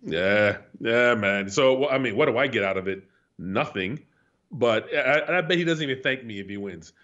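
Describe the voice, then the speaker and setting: A man, profane, animated storyteller, slightly muffled. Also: on the low side, normal speed. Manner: animated, profane, laughs through stories. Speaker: guest, retired pro athlete. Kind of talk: casual storytelling chat. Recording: slightly dull lo-fi sound.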